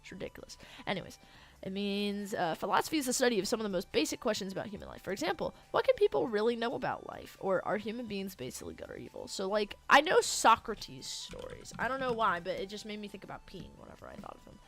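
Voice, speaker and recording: Late at night, a woman livestreamer chats casually with her viewers, tired from the hour, talking fast at medium pitch. She rambles, gets easily distracted, and breaks into sudden loud bursts of excitement.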